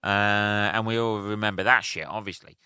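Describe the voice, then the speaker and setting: Male podcast host, bright crisp voice, dry close mic, sweary rambling monologue. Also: on the low side, fairly even intonation, normal speed, dry recording. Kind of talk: casual solo podcast rant.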